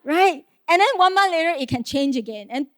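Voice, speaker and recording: A woman delivers a sermon with a high, light voice. She talks earnestly and conversationally, posing rhetorical questions and slipping in small laughs. The sound is close and dry. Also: lively intonation, brisk, no echo. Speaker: preacher.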